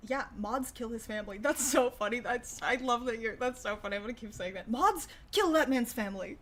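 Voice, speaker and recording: A woman's voice: fairly high pitch, expressive, fairly quick, a bit bright, a little hiss or hum. A young woman hosting a casual livestream, chatting sarcastically with lots of profanity and laughter. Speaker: livestream host. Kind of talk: casual livestream chat reacting to news.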